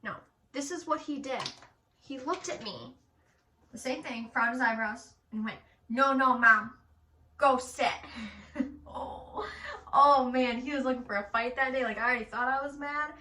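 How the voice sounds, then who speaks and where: A young woman with a Michigan accent telling stories about her son in a casual, animated way, swearing now and then. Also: high voice, moderate pace. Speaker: mom vlogger. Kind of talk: casual storytelling while getting ready. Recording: echoey room from a distance.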